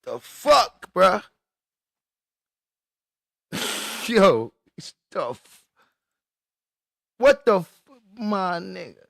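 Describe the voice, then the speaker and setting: A man's voice: sits high, big pitch swings, extremely slow, gravelly, long pauses, a bit bright, no echo, clean studio sound. A man live-streaming casual chat from his computer, swearing in frustration and greeting viewers as he works.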